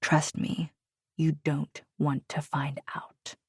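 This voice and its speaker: Woman doing a quietly menacing man. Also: low voice, fairly even intonation, measured pace, breathy edge, no echo, clean studio sound, full character voice. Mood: threatening. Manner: quiet, menacing, near whisper. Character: angry controlled powerful older man.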